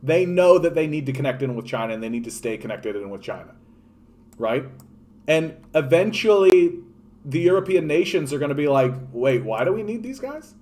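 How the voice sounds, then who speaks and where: A Canadian man delivers a solo political rant in a fairly high voice. He is sarcastic and profane, and he slips into mocking put-on voices. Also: animated, normal speed, darkish tone. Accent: Canadian English. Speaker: political commentator. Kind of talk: ranting solo commentary.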